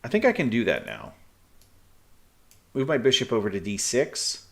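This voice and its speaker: A man streaming live chess, thinking aloud in halting, muttered bursts as he calculates moves. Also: mid-range voice, wildly swooping pitch, vocal fry, fairly bright tone.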